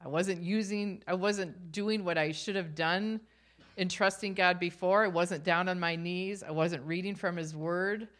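A woman's voice: on the low side, fairly even intonation, measured pace. A middle-aged woman giving a personal faith testimony in an earnest storytelling way, often breaking into a light laugh. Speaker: speaker sharing a personal testimony.

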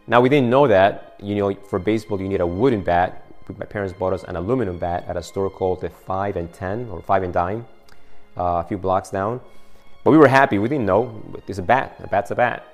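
A man's voice: deep voice, brisk, soft background music. A man preaching a sermon in a loose, conversational way, often restarting his phrases and chuckling at his own story.

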